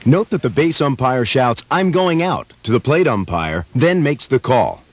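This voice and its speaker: A man reading scripted voice-over narration for an instructional video in a measured, even way. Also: medium pitch. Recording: lo-fi old video voice-over with loud music.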